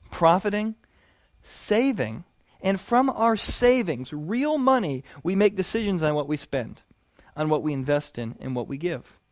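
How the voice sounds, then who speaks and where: A man with a fairly high voice teaches a sermon-style session. He talks as an animated storyteller and builds up to loud punchlines. The sound is dry and close, with no room echo. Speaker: preacher teaching a series.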